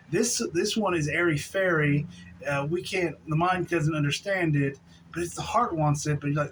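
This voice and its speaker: A man giving a relaxed spiritual talk on video, laughing softly now and then and restarting his sentences. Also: a little high, brisk, a little hiss or hum, poor audio. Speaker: spiritual teacher.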